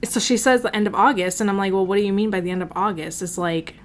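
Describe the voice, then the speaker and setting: On a podcast, a woman co-host with a mid-range voice and a quick pace tells a story casually. Her delivery is animated: she swears a lot and performs what people said.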